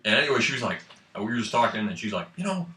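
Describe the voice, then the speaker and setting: A man's voice: fairly low pitch, rapid-fire. A young man from New Hampshire with a New England accent, a student guest rambling through stories in casual radio chat. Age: young adult. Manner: rambling, animated storyteller with filler likes. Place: college radio studio. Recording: roomy, distant mic.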